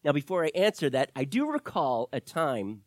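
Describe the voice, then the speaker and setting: A man preaching a sermon as pastor, telling personal stories with animated quoted voices. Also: on the high side, normal speed, dry recording, studio quality. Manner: storytelling with animated quoted voices, rising and loud at peaks.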